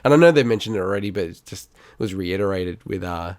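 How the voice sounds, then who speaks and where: A man's voice: low-pitched, animated, fast, dry recording. A man co-hosting a podcast, arguing his point in casual chat and laughing often. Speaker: podcast co-host.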